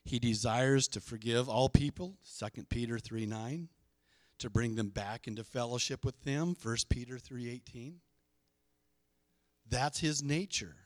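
A man's voice: mid-range voice, measured pace, no echo, studio quality. A middle-aged male pastor preaching a sermon, emphatic and leading the congregation in call-and-response.

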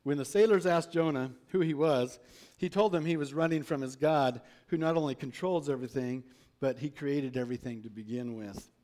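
A man's voice: mid-range voice, normal speed, a little mellow. A man preaching a sermon, reading a Bible story aloud and asking his listeners rhetorical questions.

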